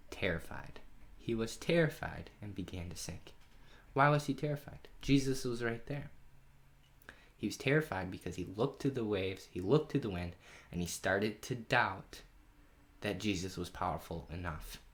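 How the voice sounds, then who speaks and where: A man leading a children's Bible lesson from home, telling the story in an animated way and asking the kids questions. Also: on the low side, moderate pace. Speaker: children's pastor. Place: home during lockdown.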